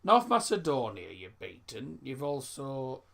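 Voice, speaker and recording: A man's voice: mid-range voice, wildly swooping pitch, a little slow, vocal fry, a bit bright. A young man, hosting a casual live football stream and rambling through stories and viewer messages with lots of restarts. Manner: rambling, stumbles and repeats words.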